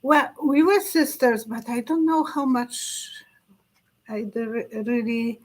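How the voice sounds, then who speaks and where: Husky, halting middle-aged woman psychic. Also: fairly high pitch, a little mellow, rough recording. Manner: halting, searching for words, laughs often. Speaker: psychic host. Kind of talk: casual live-stream chat.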